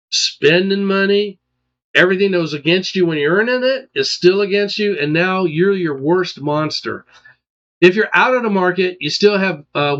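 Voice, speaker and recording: Financial advisor man, emphatic, slightly high voice, dull lo-fi audio. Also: a bit bright. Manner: emphatic, repeats "okay?" and "all right?" to check understanding. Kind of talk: explaining retirement charts. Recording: dull lo-fi sound.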